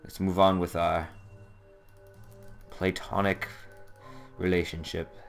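A man's voice: deep voice, flat delivery, slow pace, creaky, faint music behind. A young man giving casual gameplay commentary, exasperated and sarcastic, swearing at a puzzle he can't solve. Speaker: let's play commentator.

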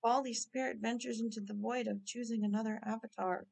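Woman narrating in a hushed, solemn tone. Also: on the high side, steady tone, fairly quick, gravelly, low-quality recording. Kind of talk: mock-dramatic narration.

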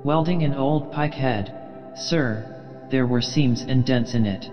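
A man's voice: medium pitch, measured pace, long reverb tail, music in the background, natural voice. A man reading as a weary old blacksmith. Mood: resigned. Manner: calm and sadly resigned. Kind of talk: audiobook reading.

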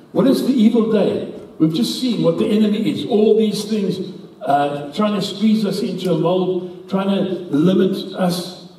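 High-voiced preacher in an echoey hall. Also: male voice, warm tone, distant mic. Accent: South African English. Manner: earnest, emphatic, quotes scripture at length. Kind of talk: sermon. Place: church hall.

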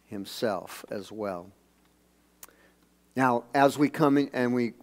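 A man preaching a sermon as pastor, earnest and emphatic, with phrases that often drop to a hush at the end. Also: mid-range voice. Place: church sanctuary.

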